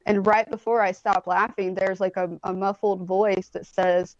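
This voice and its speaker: A woman's voice: mid-range voice, level tone, normal speed, dry recording. Woman in her 40s rambling on a video call, dull lo-fi sound, dry. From Indianapolis, USA. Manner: rambling storyteller, swears freely, many "like" and "um". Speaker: guest. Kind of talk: casual chat. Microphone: phone or tablet on a video call.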